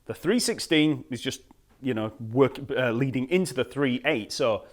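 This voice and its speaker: A man teaching a bass lesson, patiently explaining rhythms, counting beats aloud and scatting the patterns. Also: moderate pace. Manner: relaxed, patient explaining with fillers. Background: bass guitar playing.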